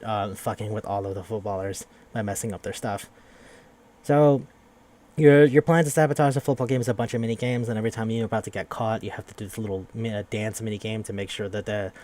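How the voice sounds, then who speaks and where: A man's voice: mid-range voice, darkish tone. A young man casually recapping a video game's story on a podcast, rambling and swearing as he acts out the characters' lines. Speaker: podcast host.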